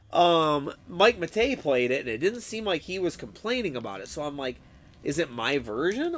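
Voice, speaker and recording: A young man streaming, chatting casually with his viewers, excitable, swearing a lot and laughing often. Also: fairly high pitch. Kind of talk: casual live-stream chat about a game.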